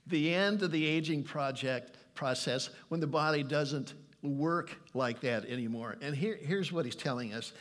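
A man's voice: fairly high pitch, a little slow, hardly any pauses, fairly bright tone. Older male pastor preaching earnestly. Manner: earnest, pleading, reads scripture aloud with emphasis. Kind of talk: sermon.

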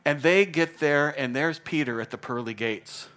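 A man preaching a sermon as pastor, animated and joking as he tells stories. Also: on the high side, moderate pace.

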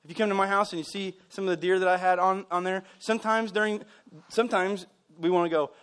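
A man's voice: sits high, fast, clear, resonant tone. A man preaching a conversational sermon, telling stories and making asides as a pastor. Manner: conversational, animated storytelling with asides.

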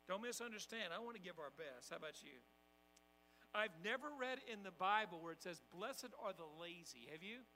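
High, bright-voiced man preaching in a hall. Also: slight background noise. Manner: preaching with call-and-response, swinging from loud to hushed. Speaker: pastor. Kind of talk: sermon.

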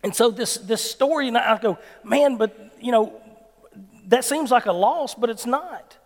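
A man with a Southern American accent preaching a sermon as an animated storyteller. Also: very high voice, unhurried. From Mississippi, US South. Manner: animated storyteller who acts out quoted people. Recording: long hall reverb.

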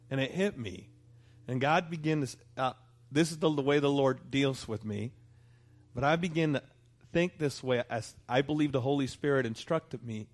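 In a church, a pastor with a mid-range voice preaches briskly to his congregation. He speaks conversationally and often prompts them to respond.

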